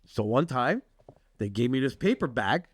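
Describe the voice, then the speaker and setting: A man's voice: medium pitch, sing-song, normal speed, husky. A man co-hosting a podcast, telling a story in casual chat, acting out the people in it and swearing freely. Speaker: podcast co-host.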